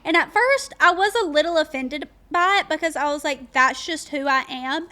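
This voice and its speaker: Young woman, mild Southern accent, high pitch, bright tone, animated storyteller. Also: moderate pace. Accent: mild Southern US (Georgia). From South Georgia, US. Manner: animated storytelling, addresses listeners directly. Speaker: podcast co-host, pageant titleholder. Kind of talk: casual chat.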